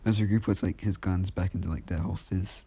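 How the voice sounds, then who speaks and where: A man's voice: deep voice, steady tone, fairly quick, warm tone, breathy edge. A man telling a fan story in a casual, rambling way, packed with fillers. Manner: rambling, heavy use of fillers.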